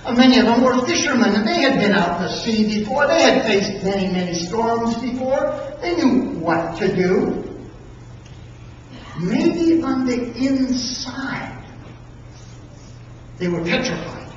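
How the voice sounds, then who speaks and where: Preacher for a slow, dramatic sermon, recorded from far back in a reverberant church hall. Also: medium pitch, lively intonation, a little hiss or hum. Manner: dramatic storytelling with emphatic pauses. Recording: echoey hall from far off, dull and lo-fi.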